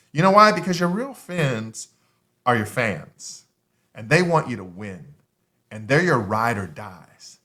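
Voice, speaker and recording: A man giving a motivational talk, emphatic and conversational, with punchy repeated lines and drawn-out pauses. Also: medium pitch, fairly bright tone. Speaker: motivational speaker.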